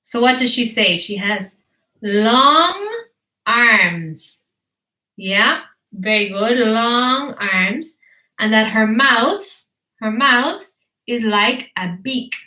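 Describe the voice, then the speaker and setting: Woman teacher, slow and bright, animated storytelling for kids in an echoey room. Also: fairly high pitch. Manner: animated, slow and encouraging, asks questions. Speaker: English teacher reading to children.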